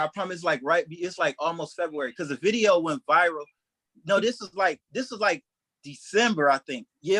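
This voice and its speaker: Guy telling a wild story real quick, kinda high voice, dry sound. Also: no echo. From Detroit, USA. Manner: animated, acts out quoted voices. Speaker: stand-up comedian. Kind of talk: storytelling anecdote.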